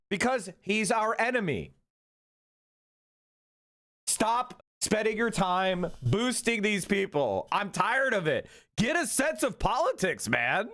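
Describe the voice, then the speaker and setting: A man on a live stream, venting in a profane, exasperated rant. His voice sits high for a man and leaps up and down as he hammers his points home. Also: lively intonation, measured pace, fairly bright tone. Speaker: political streamer. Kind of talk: ranting live commentary.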